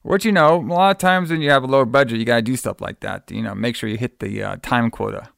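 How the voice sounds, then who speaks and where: A man with a gravelly, fry-laced voice retells a movie scene by scene in loose podcast chat. His pitch sits in an ordinary middle range, and he stumbles and repeats words as he goes. The sound is dry and close, with no room around it. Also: fast talker, a bit bright, no echo. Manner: rambling, repeats words, acts out lines. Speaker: podcast co-host. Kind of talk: casual movie recap chat.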